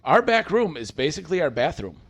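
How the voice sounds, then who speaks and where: Lively gravelly-voiced man telling stories. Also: a little fast, highs cut off. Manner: animated storyteller, acts out quoted customers in high voices. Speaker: podcast host. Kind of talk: casual storytelling chat.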